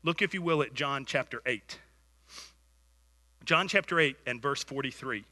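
Bright-voiced male pastor preaching in a hall. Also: mid-range voice, normal speed. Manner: animated storytelling, swings from hushed to loud. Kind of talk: sermon. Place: church sanctuary. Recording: church hall reverb.

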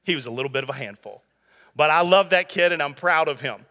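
A man's voice: a little high, animated, quick pace, pushed and bright, big-room sound. A man in his thirties preaching a sermon in a conversational way, with humor and asides to the congregation. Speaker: pastor.

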